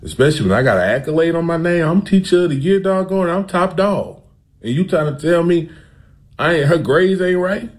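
A man's voice: a little high, lively intonation, brisk, voice pushed up, close to an everyday voice. A man putting on the voice of a proud, defiant woman teacher, boastful and indignant.

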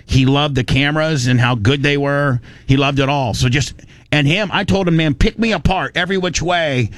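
A man's voice: a little high, moderate pace. A man hosting a radio show in a broadcast studio, telling a story in a blunt, heated, rambling way with many restarts. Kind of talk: on-air storytelling rant. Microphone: studio microphone.

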